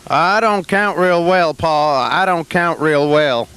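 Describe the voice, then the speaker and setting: A man playing a dim-witted, meek farm son in a comedy sketch, slowly repeating what his father says. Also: a little high, a bit bright, clean tone. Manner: slow, repetitive echoing of his father.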